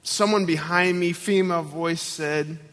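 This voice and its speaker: A man preaching a sermon as guest pastor, animated and acting out voices in his stories. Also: on the high side, measured pace, long reverb tail. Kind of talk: sermon with storytelling.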